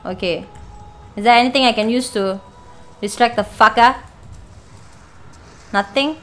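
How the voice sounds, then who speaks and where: A woman gamer playing a horror game, panicky and swearing, pleading out loud with the monster chasing her. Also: a little high, unhurried, low-quality recording. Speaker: let's play gamer.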